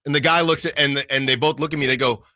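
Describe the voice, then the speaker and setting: A man co-hosting a sports radio show, telling a long story in an animated way, acting out what people said and often repeating himself. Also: on the high side, fast, no echo, studio quality. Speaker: sports radio fill-in host.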